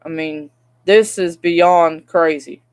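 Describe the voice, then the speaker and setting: A woman's voice: lowish voice, steady tone, slow pace, smooth. A young woman, venting to camera in a casual, rambling vlog rant. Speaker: vlogger.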